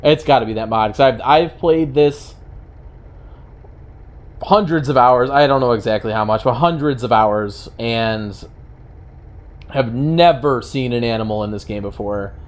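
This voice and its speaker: A man's voice: medium pitch, unhurried, pauses often. A man with a New York accent casually commenting on his own truck-driving gameplay, chatty and wry, with mock-indignant rants. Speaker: gaming channel host.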